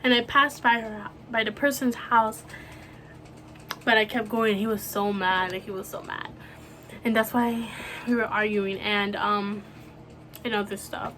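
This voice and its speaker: A young woman talking to camera about a close friend, speaking softly and haltingly with many fillers. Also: mid-range voice, fairly even intonation, slight background noise. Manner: soft, halting, full of fillers like "you know". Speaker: vlogger. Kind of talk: emotional personal talk to camera.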